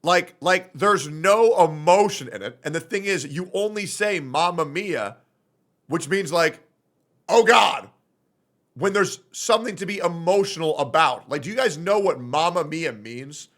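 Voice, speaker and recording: A man's voice: a little high, normal speed, hardly any pauses, a bit bright. A young man streaming, giving blunt, profane reaction commentary.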